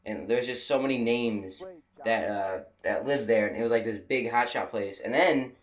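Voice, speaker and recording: A man's voice: on the low side, moderate pace. Rambling young man telling a travel story. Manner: rambling, many fillers and restarts; laughs at his own stories. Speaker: video creator. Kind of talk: casual storytelling.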